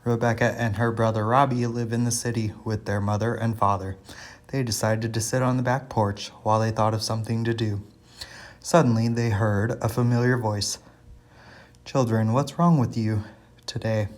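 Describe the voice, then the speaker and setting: A man reading a children's story aloud in a plain, steady way, with small slips and restarts. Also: fairly low pitch, moderate pace.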